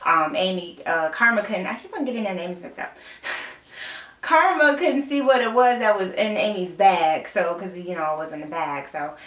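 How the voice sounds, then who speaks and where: A woman's voice: medium pitch, normal speed, fairly bright tone. A young woman in casual chat, rambling through a TV episode recap, full of "like" and "um". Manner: rambling, full of "like" and "um", mixes up names. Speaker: TV recap vlogger. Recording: roomy room, mic far off.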